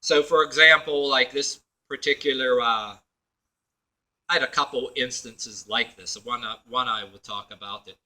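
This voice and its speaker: A man's voice: medium pitch, moderate pace, pushed and bright, low-quality recording. A man telling a personal story to camera in a meandering way, full of fillers and restarts, acting out what others said. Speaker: video blogger.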